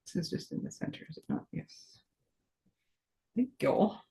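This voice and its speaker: A woman's voice: fast, warm tone. A woman leading a casual live paper crafting demo. She thinks aloud as she works and pokes fun at her own clumsiness. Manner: chatty, thinks aloud while working, self-deprecating.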